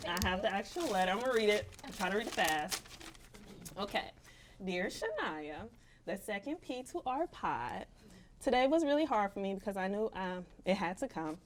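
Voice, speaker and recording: A woman's voice: mid-range voice, lively intonation, fairly quick, a little hiss or hum. A young woman in casual chat, reading a heartfelt farewell letter to a co-host. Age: young adult. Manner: emotional, laughing, Southern "y'all" slang.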